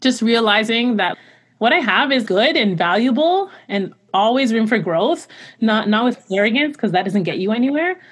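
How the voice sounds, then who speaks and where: A woman's voice: a little high, animated, moderate pace. Woman, opera singer, interview guest, earnest, chatty, filler-heavy, laughs often. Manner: laughs often while talking. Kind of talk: casual interview talk.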